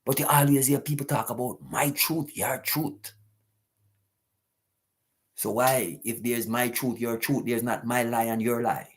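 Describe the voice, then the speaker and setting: A man with a lilt talks on his live stream in a husky, slightly breathy voice, his pitch sitting at an ordinary middle height. He lectures with an emphatic, preachy drive and keeps circling back to rhetorical questions aimed at his listeners. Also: normal speed, few pauses. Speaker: host of a live talk stream. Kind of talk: live-stream talk, answering chat.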